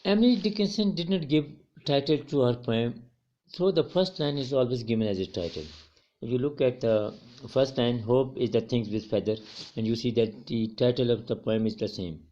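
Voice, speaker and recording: A man's voice: medium pitch, moderate pace, mellow, lo-fi sound. A male college English teacher giving a recorded poetry lecture to students, often repeating and correcting his words as he explains.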